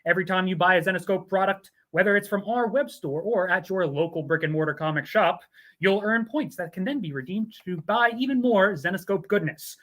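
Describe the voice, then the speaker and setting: A man's voice: sits high, brisk, a bit bright. Guy cohosting, jokey and playful, reads ads kinda hammy. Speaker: co-host. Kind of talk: casual chat and scripted ad reads.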